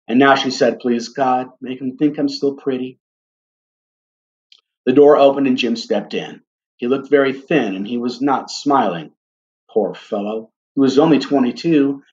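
A man reads a story aloud with a gentle, deliberate delivery. His voice sits at a middle pitch, and he turns to his listeners now and then. The recording sounds dull and lo-fi. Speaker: reader. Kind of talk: storybook reading.

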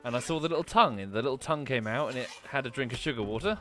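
A man chatting casually with friends during a game stream, telling stories in a lively way. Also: medium pitch, very fast, faint music behind. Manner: storytelling, lively. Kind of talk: casual chat while gaming.

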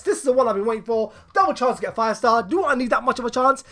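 A man co-hosting a gaming channel, giving excited commentary while summoning in a mobile game, hyped and shouting when thrilled. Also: very high voice, fast, hardly any pauses.

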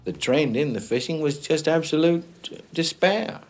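A man's voice: fairly high pitch, normal speed. A man in his sixties, a retired fisherman, reminiscing in a plain-spoken, rueful way in an old archive interview.

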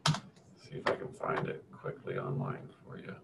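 A man's voice: very deep voice, completely flat delivery, unhurried, gravelly, background noise. A man teaching a history lecture in a conversational way, often checking in with "right?". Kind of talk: classroom lecture. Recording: distant echoey room with faint ambience.

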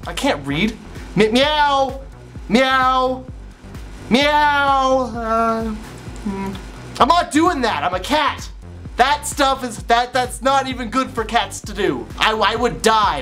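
A man's voice: extremely high pitch, expressive, slow pace, sharp tone, soft background music, exaggerated voice. A young man playing a silly pet cat who meows and refuses the dares. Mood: playful. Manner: mock-earnest, meowing.

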